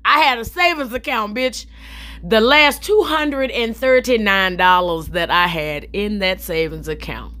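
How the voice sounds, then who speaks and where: A young adult woman telling a story in a vlog, in an animated, profane and sassy way, talking straight to her viewers. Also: medium pitch, measured pace. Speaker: comedian telling a story while styling her hair.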